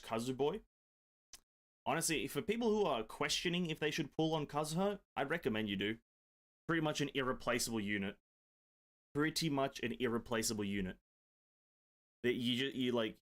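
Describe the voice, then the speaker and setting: A man streaming games from his home desk, chatting casually, answering viewers and joking around with the odd swear word. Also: mid-range voice. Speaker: gaming streamer. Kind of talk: casual live-stream chat.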